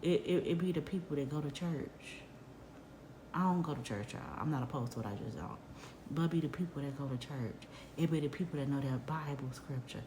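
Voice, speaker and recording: Woman vlogger, deep voice, heartfelt storytelling, echoey room. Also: brisk, background noise. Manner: animated, conversational, heartfelt. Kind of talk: casual storytelling to viewers.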